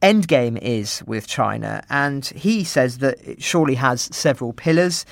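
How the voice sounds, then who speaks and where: A British man giving measured, analytical news commentary on a podcast, often quoting sources. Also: mid-range voice, animated, gravelly, no room sound, studio quality. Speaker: podcast co-presenter.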